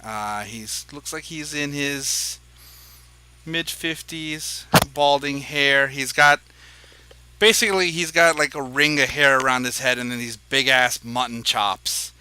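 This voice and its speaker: A man's voice: mid-range voice, measured pace, pushed and bright, slight background noise, low-quality recording. A man narrating as dungeon master in a tabletop game, describing scenes in a rambling, hesitant way with many fillers.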